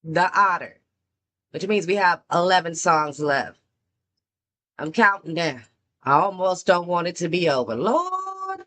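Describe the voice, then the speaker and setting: A woman hosting a music reaction, commenting in an excitable, exclamatory way and talking straight to her viewers. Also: lowish voice, unhurried, long pauses.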